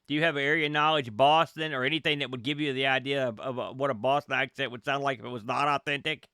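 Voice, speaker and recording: A man's voice: mid-range voice, steady tone, fast, sharp tone, clear, resonant tone, no echo, clean studio sound. A man running a tabletop game as game master, narrating and joking with players. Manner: joking, conversational.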